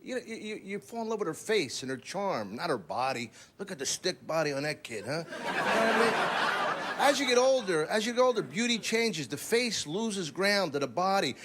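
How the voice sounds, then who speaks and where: Brash New comic, high voice. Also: male voice, big pitch swings, brisk, few pauses, noisy background. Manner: brash, rambling, crude punchlines. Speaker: stand-up comedian guest. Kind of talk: stand-up comedy set. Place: TV studio stage with audience.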